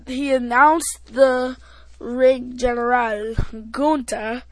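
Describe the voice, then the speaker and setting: A woman hosting a podcast, recapping wrestling in a casual, rambling way with many halting restarts. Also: sits high, steady tone, dry recording. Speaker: podcast host.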